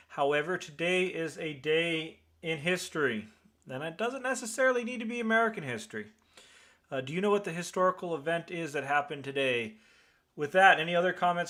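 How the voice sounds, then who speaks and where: Brief: upstate New York man, net control host, chatty rambler, higher and bright tone. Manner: chatty and rambling, many fillers and restarts. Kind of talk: casual on-air radio net hosting.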